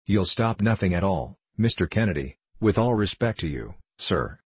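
A man's voice: deep voice, expressive, normal speed, breathy edge, no room sound. A man voicing a cheerful, loyal young male servant in a storybook reading, speaking in an eager, earnest way.

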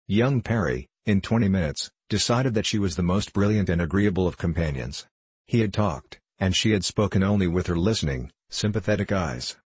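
A man reading a novel aloud as audiobook narration, in an even, unhurried storytelling manner. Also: sits low, slightly rough, no room sound. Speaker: audiobook reader. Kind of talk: scripted narration.

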